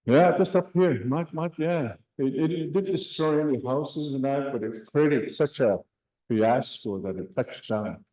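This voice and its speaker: A man teaching a classroom language lesson. He speaks slowly, drills words and has the class repeat them. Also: medium pitch, dark tone, reverberant, low-quality recording. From Canada.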